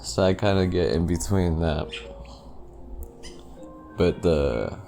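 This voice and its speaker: A man's voice: sits low, animated, slow pace, gravelly, warm tone, soft background music. A man hosting his own podcast alone, rambling casually, swearing freely and laughing often. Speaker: podcast host. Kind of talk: casual solo podcast chat. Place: home by a window.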